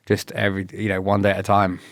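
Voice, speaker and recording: Low-ish british guy chatting easy on a podcast, dry close mic, gets animated quoting people. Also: fast talker, no echo. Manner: laid-back, laughs often, quotes others in lively bursts. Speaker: podcast guest, former paratrooper. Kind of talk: casual storytelling interview.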